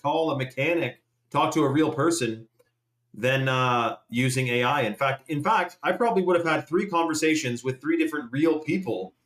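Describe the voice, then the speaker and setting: A man's voice: medium pitch, a bit bright. A man hosting a live stream, ranting casually in a rambling, profane way. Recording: roomy echoey room.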